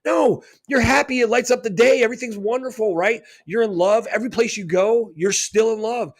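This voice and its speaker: A man's voice: very high-pitched, fairly quick. A man co-hosting a radio talk show, talking in an emphatic, preachy way and often tossing in "right?". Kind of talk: casual spiritual talk.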